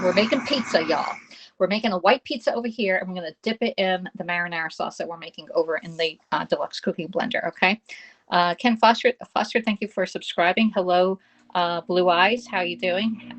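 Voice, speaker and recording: A woman in her fifties with a Southern US accent and a fairly low voice chats her way through a cooking livestream. She talks to her viewers and to herself as she works in a home kitchen. Clear background noise sits under her voice. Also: fairly bright tone, rough recording. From Pennsylvania. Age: 50s. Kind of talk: casual live cooking demo.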